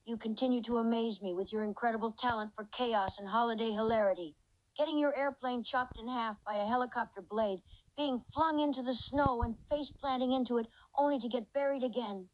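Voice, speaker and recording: A woman's voice: on the high side, fairly quick, no room sound, dull audio, close to an everyday voice. A woman's synthetic voice playing a cheerful reindeer companion in an AI chat role-play, effusive and full of praise. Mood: amused. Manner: effusive, reads out its own laughter cues.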